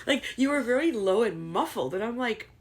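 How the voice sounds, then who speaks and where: A middle-aged mother co-hosts a casual podcast with her daughter, telling stories in a bubbly, giggly, animated way. Her voice is a little high and fairly quick.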